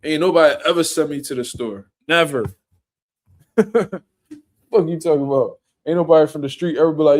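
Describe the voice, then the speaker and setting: A young man, a boxer, telling animated, profane stories in street slang during a casual podcast chat. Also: fairly high pitch, normal speed.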